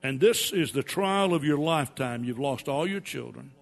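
A pastor preaching a sermon, his voice swinging between loud rises and quiet drops. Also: on the high side, lively intonation, normal speed, vocal fry. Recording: long hall reverb with mains hum.

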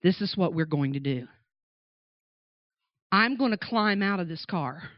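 A woman voicing a gentle middle-aged father who slowly and steadily reassures his frightened child. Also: fairly low pitch, no room sound, pitched below the performer's own voice. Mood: firm, calming. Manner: soothing, slow and steady. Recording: dull dry recording.

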